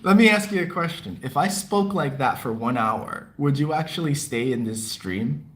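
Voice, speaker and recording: A man's voice: fairly high pitch, animated, normal speed, a bit bright. Chatty male livestream host. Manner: chatty, laughs often, reads viewers' comments aloud. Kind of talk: casual livestream talk.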